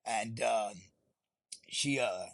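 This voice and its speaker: A man's voice: lowish voice, extremely slow, vocal fry, a bit bright, no room sound. A middle-aged man, a podcast guest telling his story bluntly and profanely, rambling as he goes. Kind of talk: candid storytelling.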